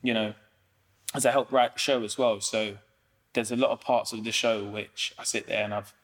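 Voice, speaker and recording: This comedian's voice is fairly low, steady and fairly bright, moving at a normal speed. As a podcast guest he chats casually, rambling in slang with lots of fillers and repeated "do you know what I mean."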